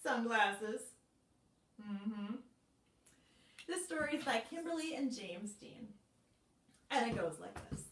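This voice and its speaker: A woman librarian leading a children's storytime, slow, animated and encouraging. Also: on the high side. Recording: roomy sound, mic at a distance.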